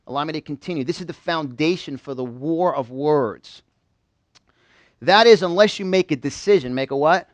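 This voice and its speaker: High-energy motivational speaker man. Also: moderate pace, no echo. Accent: New York. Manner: energetic, quizzes the audience with call-and-response. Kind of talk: live seminar talk. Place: seminar room with a small live audience.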